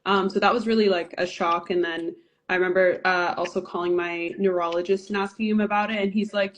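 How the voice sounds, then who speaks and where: A woman in her twenties from Canada, answering interview questions over a video call. Her speech is earnest and halting, full of ums and likes. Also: lowish voice, steady tone. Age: 20s. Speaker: documentary filmmaker and guest.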